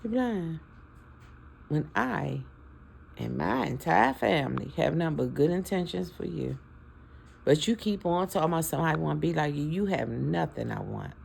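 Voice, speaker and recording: A woman's voice: low voice, expressive, normal speed, gravelly, darkish tone, a little hiss or hum. A woman in her fifties talking to her followers in a casual, heartfelt and preachy way, emotional about her family. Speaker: vlogger. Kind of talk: casual heartfelt talk to camera.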